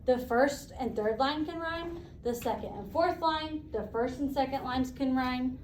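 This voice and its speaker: Woman teacher, high voice, echoey classroom, brisk and encouraging. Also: a little mellow, distant mic, slight background noise. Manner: brisk, encouraging, asks questions.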